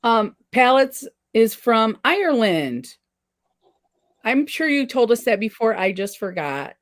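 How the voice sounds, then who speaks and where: A woman chatting casually while face painting, agreeable and relaxed, often murmuring assent. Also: fairly high pitch, takes it slowly, no echo. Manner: relaxed, agreeable, many backchannels.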